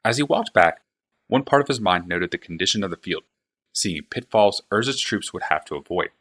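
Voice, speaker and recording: A man reading a fantasy novel aloud in steady, even narration. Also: deep voice, moderate pace. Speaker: reader, streamer.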